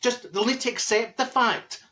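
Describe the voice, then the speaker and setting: A man's voice: very high-pitched, normal speed. A man playing a blunt, gossipy middle-aged woman from Glasgow, with a Glaswegian Scottish accent, delivering a comic monologue with mocking asides. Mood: ranting. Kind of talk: comedy monologue in character.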